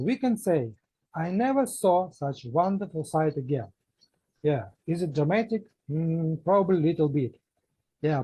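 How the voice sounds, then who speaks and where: A man's voice: on the high side, mellow, husky, dry recording, poor audio. A man teaching an English grammar lesson, patiently explaining step by step and repeating examples.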